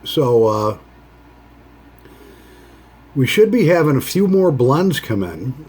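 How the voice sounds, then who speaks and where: A man hosting a pipe-smoking vlog, chatting casually in a rambling, halting way with many fillers. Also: mid-range voice, very animated, darkish tone, breathy edge. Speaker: pipe-smoking channel host.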